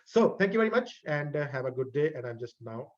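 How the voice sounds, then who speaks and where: Halting man teaching over a video call. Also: fairly high pitch, big pitch swings. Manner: halting, repeats words, friendly and encouraging. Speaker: college web development instructor. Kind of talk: online class lecture wrap-up. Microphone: computer mic on a video call. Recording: dull lo-fi call audio.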